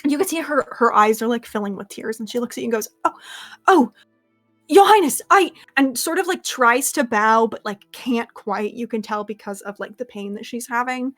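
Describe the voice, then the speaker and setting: A woman's voice: fairly high pitch, fairly even intonation, brisk, few pauses, fairly bright tone, soft background music. A young woman narrating a tabletop role-playing game as game master, casual and loose, filling her speech with "like". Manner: casual, filler-heavy, lots of "like".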